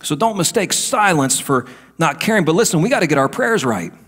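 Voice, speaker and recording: A middle-aged male pastor preaches in a high, brisk, husky voice, his pitch leaping around as he delivers an animated sermon. He swings from soft, confiding asides to bold, emphatic declarations.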